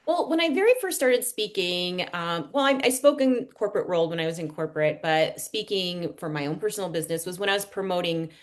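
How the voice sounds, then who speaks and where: A woman's voice: fairly low pitch, animated, a little fast, few pauses. A woman author and speaker, a guest on a podcast, talking earnestly and reflectively with frequent ums. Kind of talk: casual podcast interview.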